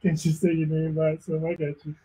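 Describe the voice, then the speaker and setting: A man's voice: on the high side, monotone, brisk, mellow, husky, rough recording. A man co-hosting a radio talk show in a studio, teasing and wry in casual banter. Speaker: radio co-host and restaurant owner.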